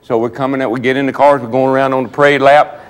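A man, a former driver telling lively stories among old racers and acting out what people said. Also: mid-range voice, clear, resonant tone. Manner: fast, animated storyteller acting out quotes.

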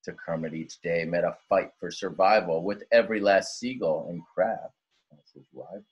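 A male teacher reading a rhyming story aloud in an expressive, sing-song way. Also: low voice, normal speed, breathy edge, dull audio.

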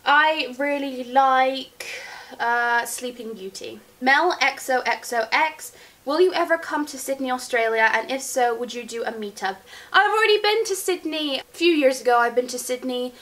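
A young woman with a fairly high voice chats casually through a viewer Q&A. She rambles and giggles as she goes. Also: moderate pace, a bit bright. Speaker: beauty vlogger. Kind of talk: casual Q&A chat.

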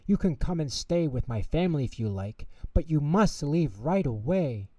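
Storybook role: eager young penguin, pleading and urgent, read by a man, higher than his own voice, lively. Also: normal speed, no room sound, recorded from a distance.

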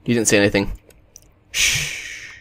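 A man giving casual, jokey commentary as he plays a stealth game, swearing and bursting into excited shouts. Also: fairly low pitch, moderate pace. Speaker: gameplay commentator.

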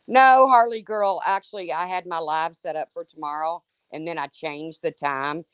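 A woman's voice: low-pitched, steady tone, normal speed, a bit bright, smooth, no echo. A woman hosting a livestream, sarcastically calling out a rival and answering her chat by name. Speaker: livestream host. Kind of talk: confrontational livestream rant.

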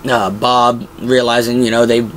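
A man's voice: medium pitch, little pitch movement, unhurried, slight background noise, low-quality recording. A young man hosting a show, giving casual, enthusiastic fan commentary in a rambling way full of fillers. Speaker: pop-culture show host.

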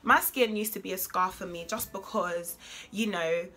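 A woman's voice: mid-range voice, normal speed, pushed and bright, a little hiss or hum. A young adult woman vlogging to camera in a casual, emphatic, preachy way. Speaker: beauty vlogger.

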